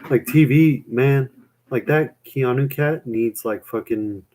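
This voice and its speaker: A man's voice: mid-range voice, takes it slowly, darkish tone. A young man chatting on a live stream, rambling with lots of fillers and casual swearing.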